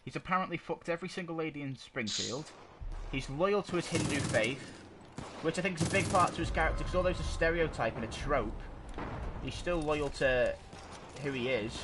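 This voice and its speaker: A man's voice: on the high side, lively intonation, fairly quick. Guy rambling and arguing on a podcast, keeps hunting for words, noisy mic hiss. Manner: rambling, argumentative, searches for words. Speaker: podcast co-host. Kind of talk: casual opinion chat. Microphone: desk microphone. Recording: noisy amateur podcast recording.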